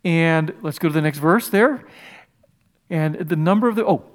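A man preaching a sermon, retelling a Bible story in an animated, conversational way and putting questions to his listeners. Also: fairly high pitch, normal speed. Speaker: pastor.

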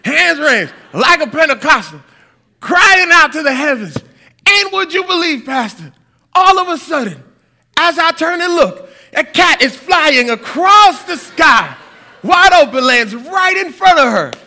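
A man voicing an older churchgoing grandmother who hates cats, telling her tale with rising, breathless excitement. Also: high-pitched, normal speed. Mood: excited. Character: older cat-hating church grandmother, dramatic.

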